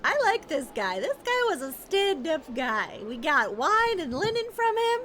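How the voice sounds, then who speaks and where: A woman's voice: high voice, very animated, a little slow, fairly bright tone, slight background noise. A young woman casually chatting as she streams a video game, playful and talkative. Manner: chatty, playful, talks to chat and pets. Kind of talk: casual gameplay commentary.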